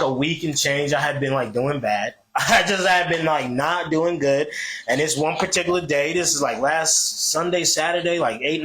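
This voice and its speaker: Animated high-voiced male podcast host. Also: roomy sound. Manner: animated storytelling, swinging from loud rants to low mutters. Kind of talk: casual comedic podcast chat.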